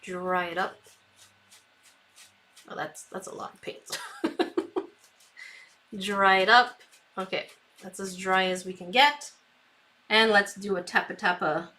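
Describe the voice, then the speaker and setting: A woman's voice: mid-range voice, fairly even intonation, slow pace, pauses often, sharp tone. A woman hosting a live painting stream, chatting to herself and her viewers and giggling often as she works. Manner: reads viewer comments aloud. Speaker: craft stream host. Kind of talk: live painting tutorial chat.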